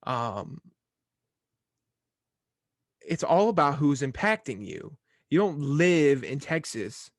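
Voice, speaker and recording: A man's voice: on the high side, big pitch swings, slow, pauses often, dry recording, clean studio sound. A young man hosting a casual sports podcast, talking in an easygoing, rambling way. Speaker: podcast host.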